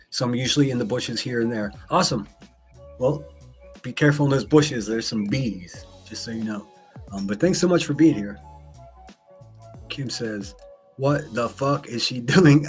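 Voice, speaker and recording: A man's voice: mid-range voice, slightly rough. A man hosting a casual live stream, reading chat aloud and commenting in a blunt, profane, mocking way. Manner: reads chat messages aloud. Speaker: live-stream host reacting to clips.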